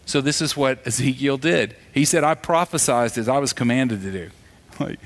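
A man's voice: mid-range voice, normal speed. Conversational storytelling preacher, a man. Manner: conversational storytelling preacher who acts out quoted voices. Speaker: pastor. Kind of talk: sermon.

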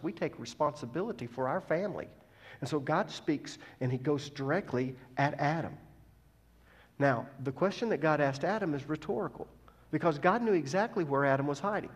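A man's voice: fairly high pitch, expressive, brisk, husky. Man preaching in a reverberant hall. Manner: emphatic, with swings between loud stresses and soft asides. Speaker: preacher teaching scripture. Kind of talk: sermon. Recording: long reverb of a large hall.

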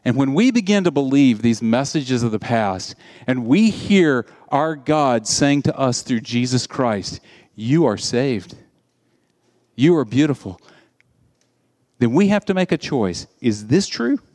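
A man preaching a sermon in an animated, conversational storytelling way. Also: medium pitch, a little slow.

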